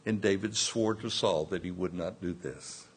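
A man's voice: sits low, moderate pace, slightly rough. A man preaching a sermon, reading scripture aloud and explaining the verses in plain asides.

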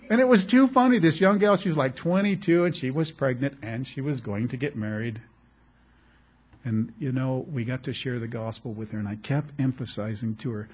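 A middle-aged man preaching a sermon as a pastor, animated and joking, with laughs along the way. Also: mid-range voice, normal speed, slightly rough.

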